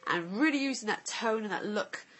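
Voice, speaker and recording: A mother vlogging from her family home chats candidly to the camera, peppering her speech with "like" and "you know." Her medium-pitched voice has lively intonation and a fairly bright tone, at a moderate pace.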